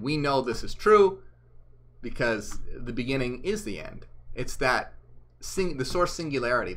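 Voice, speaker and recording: Man, earnest explainer host, bright tense tone, mid pitch. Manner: earnest, emphatic, trails off softly. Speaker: channel host. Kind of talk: spoken explainer lecture.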